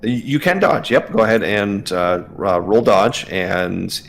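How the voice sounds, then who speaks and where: A man narrating as game master of a tabletop game, relaxed, with lots of fillers and laughs. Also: fairly low pitch, unhurried, creaky, a little hiss or hum.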